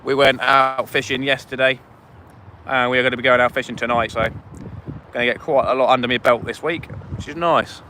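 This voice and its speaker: A young man hosts a fishing livestream from a riverside, talking casually and eagerly thanking viewers. His voice is bright and forward. Traffic hums faintly outdoors behind him. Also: medium pitch, steady tone, a little fast. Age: 20s.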